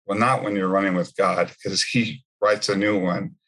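A man's voice: low-pitched, fairly even intonation, moderate pace, fairly bright tone. A man giving a personal faith testimony in a conversational storytelling way, full of asides. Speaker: speaker sharing his testimony.

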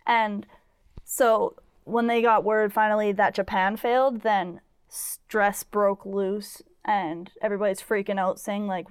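A woman's voice: mid-range voice, fairly even intonation, a little slow, clean tone, no room sound, studio quality. A young woman co-hosting a podcast, retelling a film in a rambling casual chat full of "like" fillers. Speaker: podcast co-host.

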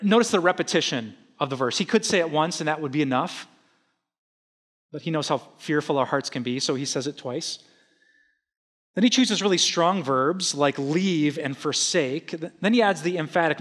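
Man preaching, middle-aged, energetic, casual and joking, slightly high voice. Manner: energetic, conversational, humorous. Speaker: pastor. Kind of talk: sermon.

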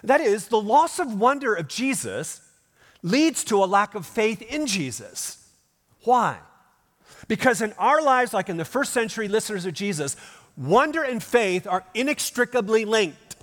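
A man's voice: high-pitched, very animated, unhurried, fairly bright tone. A male pastor delivering a sermon in a church, emphatic and full of rhetorical questions. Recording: long hall reverb.

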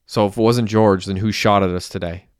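A man reading a young getaway driver in a crime audiobook, low-voiced and terse, swearing when the pressure is on. The tone stays resonant and the sound is dry and close. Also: steady tone, brisk, clean tone, no room sound, natural voice. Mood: wary.

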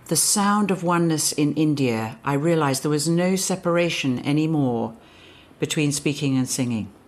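A woman voice teacher giving a slow, deliberate, reflective workshop talk. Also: lowish voice.

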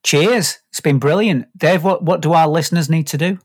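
A man's voice: fairly high pitch, moderate pace. A man co-hosting a casual podcast chat, easygoing as he steers the conversation. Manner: easygoing, leads the wrap-up. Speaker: podcast co-host.

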